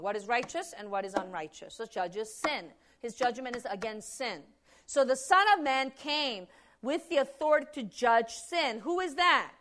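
A woman with a slightly high voice preaches a Bible sermon, posing rhetorical questions and then answering them. She shifts from hushed lines to loud emphasis.

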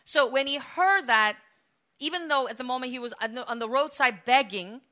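A woman preaching a sermon, telling a story with acted cries and shifts between loud calls and hushed passages. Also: sits high, moderate pace.

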